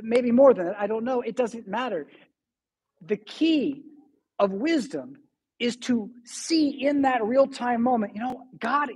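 A middle-aged man preaching a sermon as pastor, telling stories with sudden loud and soft swings. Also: high voice, breathy edge. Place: church sanctuary.

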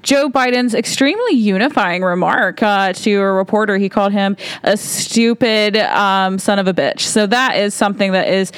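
A woman's voice: medium pitch, moderate pace, hardly any pauses, clear, resonant tone, no room sound. A woman hosting her opinion podcast, talking in a heated, fired-up rant. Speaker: podcast host.

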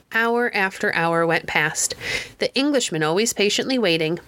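A woman narrating a history book chapter in clear, steady storytelling. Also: mid-range voice, moderate pace. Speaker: audiobook reader. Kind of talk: scripted narration.

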